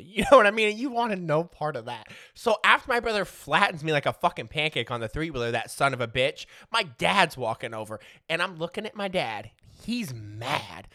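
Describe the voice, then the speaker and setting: Man, forties, casual profane storyteller, animated pitch, bright tone, laughs a lot. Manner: profane, rambling, laughs often.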